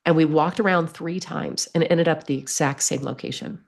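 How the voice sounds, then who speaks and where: A woman telling a personal story as a podcast guest, lively, acting out the voices she quotes. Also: low-pitched, a little fast, creaky. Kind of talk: storytelling in conversation.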